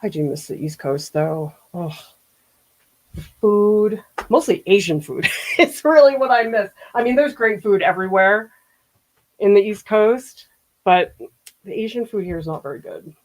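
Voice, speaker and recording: During a live painting demo, a middle-aged art teacher from the Boston area keeps up a chatty, laugh-filled stream of musings. Her mid-range voice moves at a measured pace with frequent pauses, and the recording is rough.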